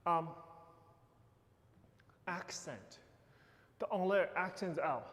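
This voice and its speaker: A man's voice: high-pitched, slow, long pauses, big-room sound. A man teaching a ballet class, counting beats and giving short corrections and praise. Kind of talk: live class instruction. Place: dance studio.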